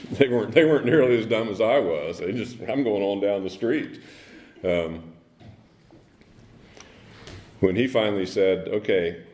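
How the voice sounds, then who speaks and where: A man giving a personal recovery story at a speaker meeting, halting, with many ums and restarts. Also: deep voice, darkish tone. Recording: echoey meeting room.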